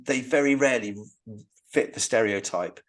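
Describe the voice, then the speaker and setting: This Stonehenge guide, appearing as a podcast guest, speaks at a medium pitch and a moderate pace. His casual interview stories come out eager and meandering, with frequent restarts mid-sentence.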